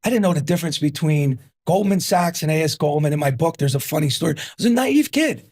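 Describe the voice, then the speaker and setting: A man in his fifties from New Jersey, a guest telling his story in an energetic, punchy way and repeating himself for emphasis. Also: fairly high pitch, fast. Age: 50s. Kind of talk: casual interview storytelling.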